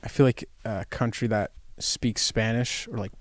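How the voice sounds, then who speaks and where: A young man co-hosting a podcast in casual chat, a bit tipsy, halting and unsure as he talks. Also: fairly low pitch, fairly even intonation, no room sound. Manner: hesitant, halting, many fillers. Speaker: podcast co-host.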